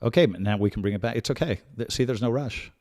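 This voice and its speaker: Talking fast in a fairly low voice, a man provides live fan commentary as host of a match watch-along. He is chatty, analyzes tactics calmly but breaks into sudden excited outbursts, and tends to repeat himself and restart phrases.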